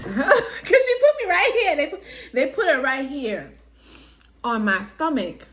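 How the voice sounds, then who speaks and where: A woman with a high, lively voice that swoops up and down, unhurried as she tells a personal story to her viewers. She laughs often and slips into what others said along the way. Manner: animated, laughing often, acts out quotes. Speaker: vlogger. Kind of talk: casual storytelling to camera.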